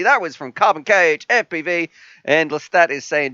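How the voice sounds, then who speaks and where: A chatty male live stream host with a bright, clear, fairly high voice. He laughs easily and reads out viewer messages into a close, dry mic. The sound is a little dull and lo-fi. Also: moderate pace, no echo. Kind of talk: casual live stream chat.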